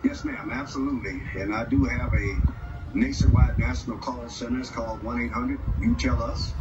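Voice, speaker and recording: A man's voice: medium pitch, animated, moderate pace. Polite man in distant, muffled TV audio. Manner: courteous. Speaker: TV guest. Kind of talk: polite TV interview answers. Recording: dull, distant TV audio with loud noise.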